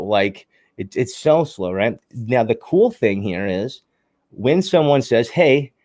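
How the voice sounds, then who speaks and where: A man's voice: medium pitch, a little mellow, no room sound. A man hosting a podcast in casual chat, enthusiastic and talkative, speaking straight to his listeners. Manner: enthusiastic, talkative, addresses listeners as guys and y'all. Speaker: podcast host.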